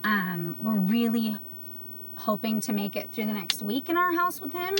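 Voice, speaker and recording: On a casual livestream, a CBD-selling host talks to her audience in an earnest, chatty way, filling her speech with fillers. Her voice is on the high side at normal speed, and background noise is audible.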